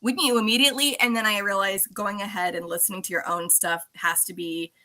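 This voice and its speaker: A woman's voice: mid-range voice, brisk. A woman co-hosting an interview, chatting and acting out quotes. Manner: chatty, animated, acts out quotes. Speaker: co-host. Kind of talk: casual interview chat.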